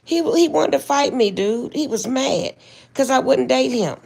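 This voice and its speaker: Husky older woman chatting on a livestream. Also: high-pitched. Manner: chatty, animated storytelling, drawn-out asides. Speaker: livestream host. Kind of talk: casual livestream chat. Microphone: phone.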